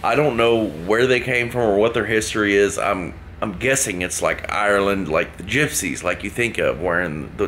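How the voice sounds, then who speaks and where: A man's voice: sits low, a bit bright, a little hiss or hum. A man casually telling a rambling, joking story to camera. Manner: rambling, joking, laughs at himself. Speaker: vlogger.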